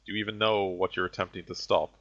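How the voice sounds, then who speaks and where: Man playing a condescending ancient sorcerer villain: very low, bright-edged, grandiose, muffled lo-fi sound. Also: little pitch movement. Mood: menacing. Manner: slow, grandiose villain speeches. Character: callous ancient male heretic sorcerer, condescending. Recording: dull lo-fi audio.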